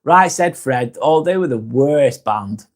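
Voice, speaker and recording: A man's voice: mid-range voice, lively intonation, slow. A man with a British accent hosting a casual live stream, reading out viewer comments and answering them bluntly, swearing freely and often laughing.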